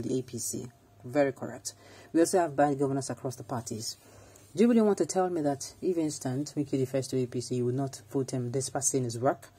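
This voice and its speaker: A Nigerian woman with a very deep, dark voice delivers political commentary as a host. Her tone is husky and mellow, and she talks with animated emphasis, moving easily between English and Pidgin.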